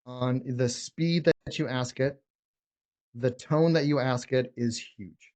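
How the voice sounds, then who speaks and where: Man, coaching talk, blunt, emphatic, frequent restarts, mid-pitched voice. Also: slow pace, darkish tone. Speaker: real estate wholesaling coach. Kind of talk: casual teaching talk.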